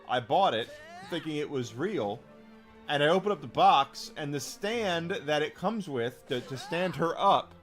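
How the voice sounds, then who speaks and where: A man's voice: high voice, fairly bright tone. A man streaming a game who rants casually to his chat, emphatic and profane, repeating phrases for stress.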